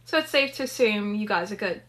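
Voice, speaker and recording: A woman's voice: medium pitch, lively intonation, a little fast, fairly bright tone, lightly acted. A woman voicing a nosy young female best friend who teases and pries. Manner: teasing and nosy. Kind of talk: dramatic story reading.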